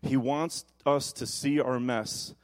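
A man in his thirties preaching a lively sermon in a church, telling stories animatedly and dropping soft and low when quoting God. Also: takes it slowly. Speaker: pastor.

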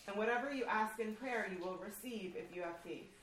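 A woman reading scripture aloud in a steady, measured way at a group breakfast. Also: mid-range voice. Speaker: scripture reader. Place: large room at a church breakfast. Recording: echoey room from far off, faint background noise.

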